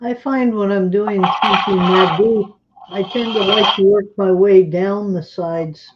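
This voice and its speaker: A woman co-hosting a livestream, relaxed and friendly, reading out viewer comments. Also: medium pitch, unhurried, a little hiss or hum. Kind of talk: casual livestream chat. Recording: dull lo-fi remote audio.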